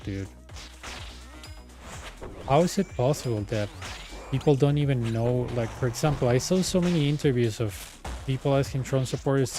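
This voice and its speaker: A man's voice: mid-range voice, normal speed, music in the background. Exasperated young man. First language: Spanish. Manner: exasperated, rambling, says dude a lot. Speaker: gaming streamer. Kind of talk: casual rant while gaming.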